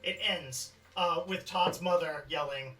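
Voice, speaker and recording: A man narrating as game master of a tabletop role-playing game, animated and chuckling. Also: on the high side, measured pace, reverberant, recorded from a distance.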